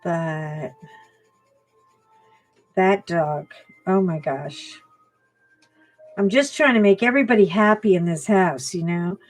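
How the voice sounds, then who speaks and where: A woman's voice: fairly low pitch, animated, takes it slowly, pauses often, soft background music. A middle-aged woman hosting a coloring channel, chatting and telling a family story with laughs while she colors. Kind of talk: casual chat while coloring.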